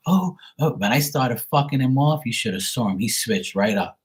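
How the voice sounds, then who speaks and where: A man hosting a live stream, telling a personal story in a heated, profane, animated way. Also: mid-range voice, normal speed. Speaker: livestream host. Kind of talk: casual storytelling.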